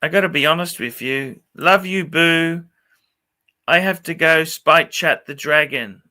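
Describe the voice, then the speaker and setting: A man hosting a casual livestream, swearing constantly and getting excited as he chats. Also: a little high, a little slow. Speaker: livestream host.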